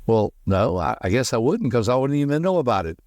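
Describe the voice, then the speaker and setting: A middle-aged man gives a motivational podcast talk in a quick, folksy, emphatic way, telling stories from his own life. His voice sits at an ordinary pitch, and the recording is dry and close with no room sound. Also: sing-song, darkish tone, no echo. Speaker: podcast host and personality teacher.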